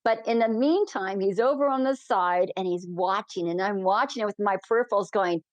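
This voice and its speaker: Lady pilot telling a story on a podcast, lively, does the voices, dry close mic. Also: medium pitch, a little fast, dry recording. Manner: animated, acts out the people in her stories. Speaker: balloon pilot and business founder, guest. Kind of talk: storytelling in a conversation.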